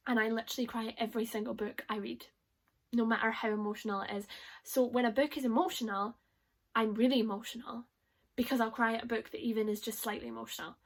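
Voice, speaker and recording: A young woman vlogging about books in a chatty, excitable way, laughing often. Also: on the high side. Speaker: book vlogger. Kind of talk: casual chat to camera.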